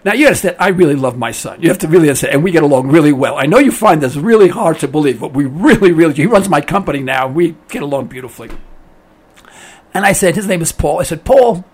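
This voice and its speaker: A man with a notably high-pitched voice hosts a call-in radio show. He is middle-aged and tells his stories in a folksy, emphatic manner, acting out what others said. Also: expressive, quick pace, husky. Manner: storytelling, folksy and emphatic, acts out quotes. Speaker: radio talk show host. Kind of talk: call-in talk radio monologue.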